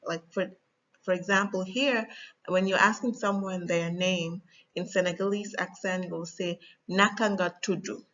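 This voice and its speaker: A woman's voice: fairly low pitch, steady tone, fairly bright tone. Woman, language teacher, patient explaining, frequent ums, muffled lo-fi sound. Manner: patient, slow, with frequent ums and spelled-out examples.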